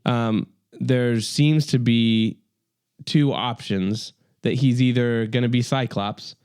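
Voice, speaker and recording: Mellow-voiced male podcast host. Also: mid-range voice, steady tone, takes it slowly, clear, resonant tone. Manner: loose, filler-heavy news rundown. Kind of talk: casual chat.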